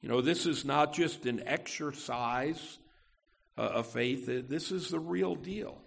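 A male pastor preaching an expository sermon in a church sanctuary. His voice carries a gravelly fry, and he moves slowly and deliberately through the text, pausing and restarting phrases as he explains it. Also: medium pitch. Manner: slow, deliberate preaching with pauses and self-corrections.

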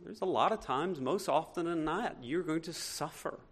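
A man's voice: a little high, animated, normal speed, slightly rough. A male pastor preaching a sermon, reading scripture aloud and asking the congregation rhetorical questions with emphatic delivery.

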